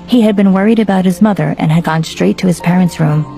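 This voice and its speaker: Woman audiobook narrator: low, dark, gravelly, steady delivery. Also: quick pace, soft background music. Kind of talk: scripted narration.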